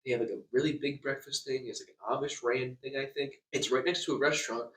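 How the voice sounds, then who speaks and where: Fast-talking young man ranting, roomy echo. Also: medium pitch, fairly even intonation, fairly bright tone. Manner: agitated, swearing, stammering repeats. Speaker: vlogger. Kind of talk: angry storytime rant. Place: hotel room. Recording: echoey room, distant mic.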